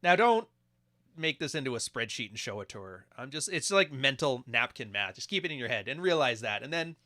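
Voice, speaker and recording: A man's voice: medium pitch, big pitch swings, a little fast, sharp tone. A man giving crude, mocking casual commentary while reacting to videos. He keeps acting out quoted voices.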